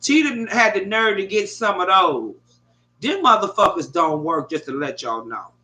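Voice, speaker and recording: A middle-aged woman telling a rambling, animated story to her viewers at home, with heavy swearing. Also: mid-range voice, moderate pace. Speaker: vlogger. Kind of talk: casual profane storytelling to viewers. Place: bedroom at home. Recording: echoey room.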